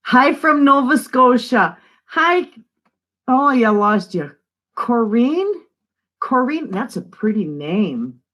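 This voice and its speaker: A woman's voice: on the high side, big pitch swings, takes it slowly, fairly bright tone. An older woman from northern Michigan, chatting casually on a homestead live stream, greeting viewers and reading their comments aloud. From northern Michigan, USA. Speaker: homestead channel host. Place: home, away from the living room.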